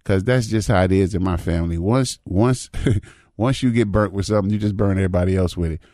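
Man, 50s, very low voice, dry close sound; easygoing folksy storyteller. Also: fast talker, dark tone, no room sound. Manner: folksy, repetitive, says "man" and "you know what I mean". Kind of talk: casual storytelling monologue.

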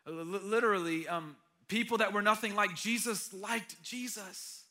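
A male pastor preaching a sermon in an earnest way, swinging between loud emphatic lines and hushed, nearly whispered ones. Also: high voice, measured pace.

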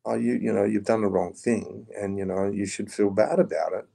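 A man's voice: fairly low pitch, animated, fairly quick, vocal fry, few pauses, mellow, slightly rough. A middle-aged Australian man speaking bluntly and casually as a podcast guest, now and then swearing. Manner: blunt, plain-spoken, swears, says "mate". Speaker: podcast guest, former prisoner. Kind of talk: casual interview talk.

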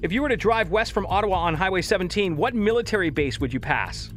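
Animated high-voiced male radio host. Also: fast talker, faint music behind. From Canada. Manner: chatty, reacting with mock outrage. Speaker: radio morning show host. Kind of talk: casual radio chat.

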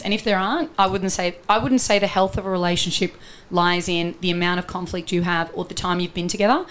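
A woman's voice: on the low side, a little hiss or hum. A woman relationship coach talking in an interview, explaining her ideas earnestly and walking through everyday examples. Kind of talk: conversational interview.

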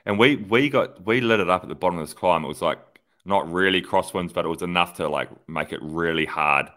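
Man, very low voice, casual podcast chat, lively storytelling. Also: brisk. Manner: animated storyteller, acts out radio exchanges. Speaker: podcast co-host, former pro cyclist.

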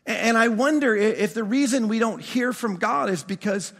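A man preaching a sermon as pastor, animated, often restarting words and asking his congregation questions. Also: high voice, moderate pace, gravelly, big-room sound.

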